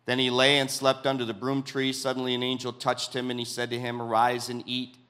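A man preaching a sermon, reading scripture aloud with dramatic pauses and quiet asides. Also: mid-range voice, completely flat delivery, smooth.

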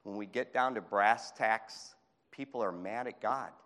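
A man preaching a fervent sermon in a church, moving between shouting and hushed speech. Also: on the low side, measured pace. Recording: long hall reverb.

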